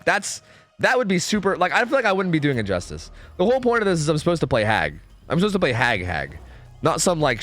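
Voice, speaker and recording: A man's voice: medium pitch, a bit bright. A young man streaming a game, rambling to his chat, swearing and second-guessing himself. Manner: rambling, self-questioning, swears freely. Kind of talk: casual gaming stream chat.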